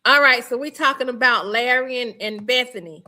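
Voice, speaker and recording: A Southern-accented woman from Georgia hosts a laid-back livestream, speaking fairly quickly in a bright, slightly high voice. She's chatty and easygoing, laughing a lot while reading viewer comments aloud.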